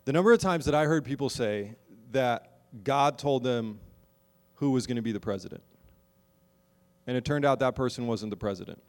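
A man preaching a sermon to his congregation, moving from wry, conversational asides to loud, slow, emphatic exhortation. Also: mid-range voice, expressive, in a large hall. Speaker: pastor.

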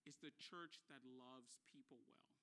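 A man preaching a sermon as pastor, moving between soft, personal asides and loud, fervent climaxes, repeating key phrases for emphasis. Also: medium pitch, a little slow. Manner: swings from quiet and intimate to loud, impassioned preaching.

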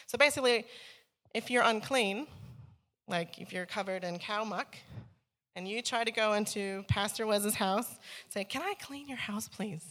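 A woman giving a candid, animated personal testimony, laughing often and climbing high when she gets excited. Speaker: speaker sharing her life story. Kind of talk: personal testimony to a church audience.

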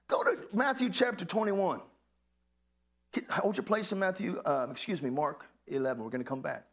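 A man's voice: sits high, gravelly, fairly bright tone, husky. A male pastor preaching a sermon to a congregation, calling out questions and exclamations. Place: church hall with a congregation.

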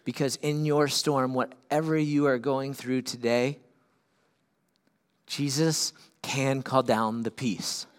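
A man preaching a sermon as pastor, swinging from loud, urgent peaks down to quiet, earnest lows. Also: fairly even intonation, takes it slowly, clean tone.

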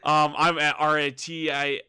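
A man's voice: a little high, little pitch movement, a little slow, background noise. A man hosting a casual podcast, joking and self-mocking as he runs through plugs and thanks supporters. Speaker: podcast host.

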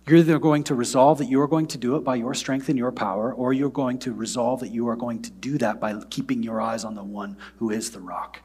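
Man, husky voice, mid pitch, preaching a sermon, emphatic bursts, hushed prayer. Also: steady tone, brisk, hardly any pauses. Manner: swings from loud emphatic preaching to soft near-whispered prayer. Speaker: pastor.

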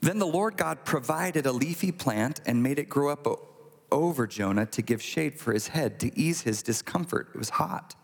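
A man preaching a sermon, retelling a scripture story in a conversational, animated way with acted asides. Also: fairly high pitch, normal speed, vocal fry. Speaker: pastor. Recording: long hall reverb.

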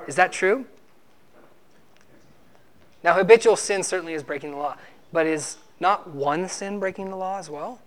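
A man's voice: high voice, a bit bright. Emphatic male preacher arguing a point. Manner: emphatic, argumentative teaching with rhetorical questions. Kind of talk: sermon.

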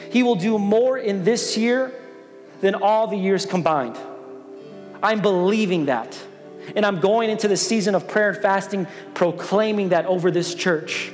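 Middle-aged pastor guy preaching earnestly, reverby church hall with faint music. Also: high-pitched. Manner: earnest, repeats words when stressing a point. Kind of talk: sermon. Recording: long hall reverb with soft music behind.

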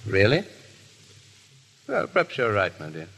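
A man's voice: on the low side, wildly swooping pitch, a little slow, gravelly, heavily acted. An actor playing a vain, foppish nobleman with a languid, stammering drawl in a 1930s radio drama. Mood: wry.

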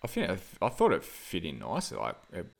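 A man's voice: deep voice, wildly swooping pitch, quick pace, vocal fry. A man hosting a casual film review podcast, rambling with lots of fillers and frequent laughs. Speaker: podcast host.

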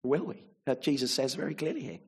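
A man's voice: medium pitch, expressive, quick pace, slightly rough. A man preaching a sermon, emphatic and fond of rhetorical tag questions.

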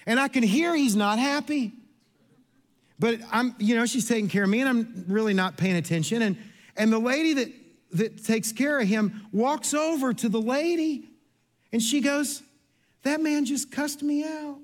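Speaking at a moderate pace, this pastor has a notably high voice and preaches loosely, like he's telling a story. He's chatty and pokes fun at himself, keeps restarting sentences, and performs the characters in his tales, all in a church sanctuary.

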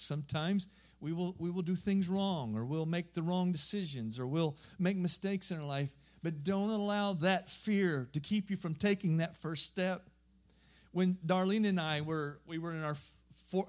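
A middle-aged man preaching with a southern Missouri accent. His delivery is earnest and exhorting, and his voice sits somewhat high for a man. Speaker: missionary preacher. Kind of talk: sermon.

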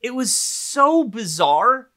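Animated bright-voiced man telling a story. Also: very high-pitched, slow pace. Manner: animated, rambling with restarts and laughs. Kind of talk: casual chat, storytelling.

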